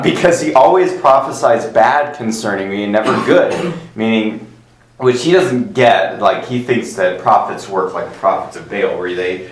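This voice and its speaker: A man teaching a casual Bible class, talking with many fillers and reading verses aloud to his students. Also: fairly low pitch. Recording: echoey room.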